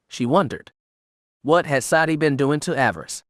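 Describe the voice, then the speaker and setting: A man narrating an audiobook in a steady, measured storytelling manner. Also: on the high side, no echo, clean studio sound.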